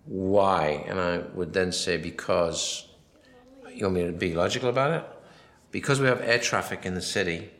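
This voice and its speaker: A man's voice: low-pitched, fairly quick, a bit bright, roomy sound. A man giving a film commentary, rambling and anecdotal, acting out quoted dialogue as he goes. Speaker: film director.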